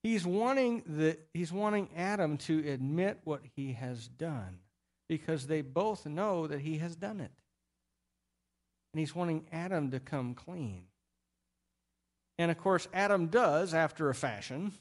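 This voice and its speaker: A middle-aged man preaches a sermon from the pulpit. He tells the story in an animated way and drops into playful voices for the people he quotes. His speaking voice sits slightly high for a man. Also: a little slow. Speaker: pastor.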